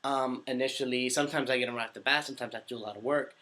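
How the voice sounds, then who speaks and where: A man's voice: mid-range voice, fairly even intonation, rapid-fire, bright, forceful tone. A man in his twenties, a voice actor, rambling through a casual Q&A with giggles and self-deprecating jokes, his voice a little under the weather. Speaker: voice actor hosting a Q&A. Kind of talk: casual livestream Q&A.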